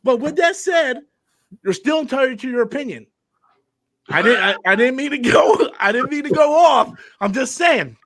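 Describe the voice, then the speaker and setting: A man's voice: extremely high pitch, expressive, normal speed, fairly bright tone. A young man hosting a live online discussion, ranting with lots of swearing and stammering over repeated words. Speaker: show host.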